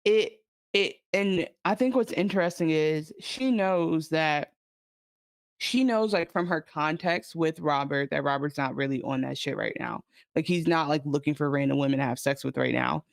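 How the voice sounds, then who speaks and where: A woman's voice: deep voice, moderate pace, vocal fry, dry recording. A woman co-hosting a casual podcast, discussing a TV episode in a chatty, thinking-aloud way. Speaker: podcast co-host. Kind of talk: casual TV recap chat.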